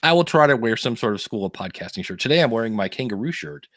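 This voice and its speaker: A man's voice: medium pitch, expressive, quick pace, a bit bright, no echo. A man co-hosting a podcast, telling stories in casual chat, laughing often. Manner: chatty storyteller, laughs often, many fillers. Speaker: podcast co-host.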